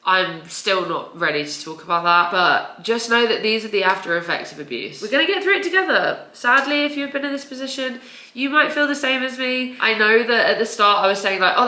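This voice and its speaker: Young woman, confessional home vlog, bright tone, rambling with nervous laughs, echoey room. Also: on the low side. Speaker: vlogger. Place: home, indoors. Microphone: camera.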